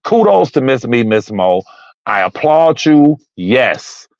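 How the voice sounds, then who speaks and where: A man's voice: medium pitch, big pitch swings, slow pace, a little mellow, no echo, lo-fi sound. A man calling into a live talk stream, arguing his point with heat, repeating himself and raising his voice. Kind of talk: heated casual debate.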